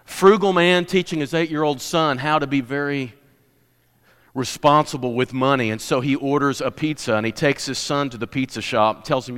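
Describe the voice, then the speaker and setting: A man's voice: medium pitch, steady tone, moderate pace, fairly bright tone, clean tone. Preacher man in an echoing hall. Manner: storytelling preacher, rising to emphatic declarations. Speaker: pastor. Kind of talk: sermon. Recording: long reverb of a large hall.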